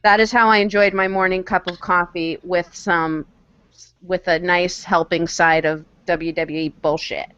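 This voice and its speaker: A woman's voice: lowish voice, level tone, measured pace, fairly bright tone, clear, resonant tone, no room sound. A woman co-hosting a casual podcast, with a wry, sarcastic way of talking. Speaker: podcast co-host. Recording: dull dry lo-fi mic.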